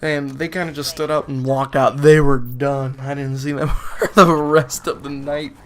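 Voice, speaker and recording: A man's voice: mid-range voice, fairly even intonation, moderate pace. Young man, casual storytime rant, rambling, exasperated, mid-range voice. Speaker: gaming channel vlogger.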